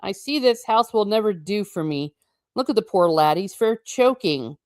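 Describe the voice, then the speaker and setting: A woman reading as a brisk scolding housekeeper. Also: medium pitch, animated, a little mellow, no echo, clean studio sound, natural voice. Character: stout scolding housekeeper woman, bossy but kind.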